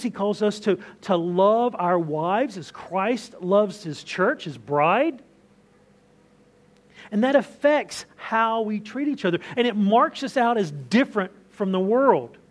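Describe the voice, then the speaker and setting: A man in his thirties, a pastor preaching a conversational sermon, asking rhetorical questions and restarting phrases as he goes. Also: sits high.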